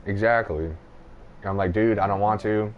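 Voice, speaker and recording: A man's voice: fairly low pitch, normal speed, dull audio, a little hiss or hum. A young man hosting a podcast, telling a rambling, profane story in casual chat. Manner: profane, rambling, animated retelling. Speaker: podcast host.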